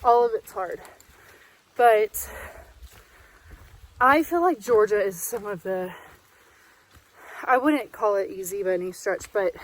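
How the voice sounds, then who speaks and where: A woman's voice: mid-range voice, animated, a little hiss or hum, low-quality recording. Woman hiker vlogger, out of breath, chatty rambling talk, outdoor trail, handheld camera. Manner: chatty, rambling, quick to laugh. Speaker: vlogger hiking solo. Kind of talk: casual vlog monologue.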